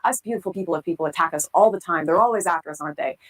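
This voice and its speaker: A coaxing, scheming man, all sugary pleading with a pushy edge underneath, as a woman quotes him in her own quick voice. The voice sits a touch higher than her usual talk. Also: a bit bright, rough recording. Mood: wheedling. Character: fawning, scheming man, pleading then menacing.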